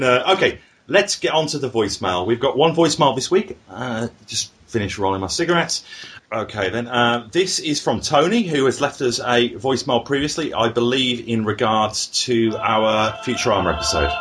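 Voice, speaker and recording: A man hosts a casual podcast, swearing and joking as he reads out listener mail. His voice is husky and his pitch is in the mid range. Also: fairly bright tone. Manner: irreverent and sweary, reading out emails. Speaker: podcast host.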